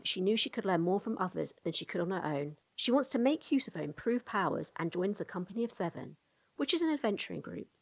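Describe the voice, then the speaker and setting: A woman narrating a fantasy lore explainer video in a brisk storytelling tone, with casual asides to the viewer. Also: medium pitch, creaky, fairly bright tone, slightly rough.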